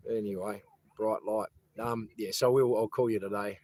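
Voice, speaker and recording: A man's voice: fairly low pitch, steady tone, normal speed, darkish tone, dry recording, poor audio. An Australian man live-streaming outdoors on his phone, rambling in casual chat, repeating words and greeting viewers by name. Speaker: live streamer and protest organiser. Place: outdoors on a sunny day.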